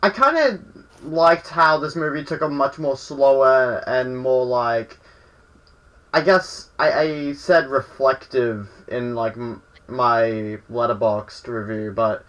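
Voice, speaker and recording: A man's voice: mid-range voice, slow pace, a bit bright, poor audio. An Australian man, a guest on a film podcast, rambling casually with lots of fillers. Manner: rambling, lots of "like" and "you know".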